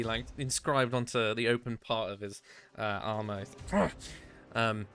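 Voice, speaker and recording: Slow, easygoing male game master. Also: medium pitch, a bit bright. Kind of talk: running a tabletop game over voice chat.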